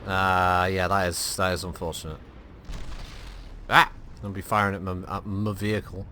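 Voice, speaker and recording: A man's voice: low voice, flat delivery, normal speed, sharp tone, slight background noise. A man chatting and joking while streaming a game, with a lot of swearing. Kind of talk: live gameplay chat.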